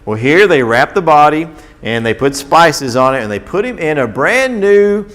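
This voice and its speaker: A man's voice: a little high, normal speed. A man telling a Bible story to children as their teacher, stopping often to ask the kids questions. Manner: animated, asks children questions.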